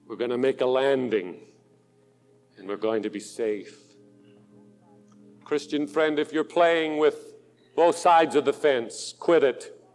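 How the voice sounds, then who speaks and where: A man preaching a sermon in an auditorium, slow and impassioned, dropping to a hush and rising to loud pleas. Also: medium pitch, faint music behind. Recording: long hall reverb.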